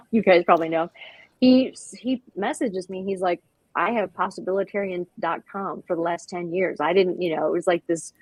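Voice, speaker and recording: Here the dog-park nonprofit's founder, a woman, talks at a moderate pace in a fairly low, husky voice, bursting with animated enthusiasm and performing small quoted voices. The audio is rough but has no echo.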